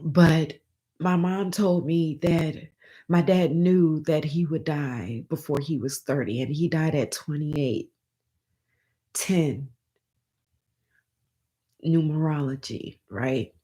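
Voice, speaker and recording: A woman's voice: sits low, slow pace, long pauses, dark tone. A woman vlogger telling a personal story in a rambling, emotional way, often restarting and calling her viewers y'all.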